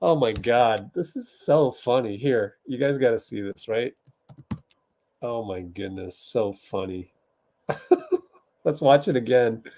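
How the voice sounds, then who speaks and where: A man hosts a casual livestream watch party from his desk. He speaks slowly in a mid-pitched voice, laughing often as he chats with viewers. Keyboard typing clicks away behind him. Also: lively intonation, dark tone. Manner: laughs often, talks to chat while typing.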